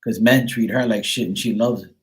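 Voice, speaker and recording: A man's voice: lowish voice, steady tone, fairly quick, low-quality recording. A middle-aged man hosting a livestream, telling a rambling story full of blunt profanity in casual chat. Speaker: livestream host.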